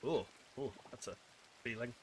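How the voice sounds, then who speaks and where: A man's voice: medium pitch, moderate pace, a little mellow, slight background noise. A man from near Wales chatting casually while playing a game on stream, muttering a running commentary with jokey self-deprecating asides. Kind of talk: casual live-stream gameplay chat.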